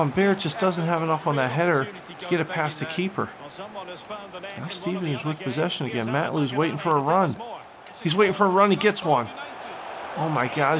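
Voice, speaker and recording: A young man giving play-by-play commentary over a football video game, excitable and crude, swinging from calm calls to shouting. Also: on the high side, noisy background. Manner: crude, joking asides. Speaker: gaming commentator.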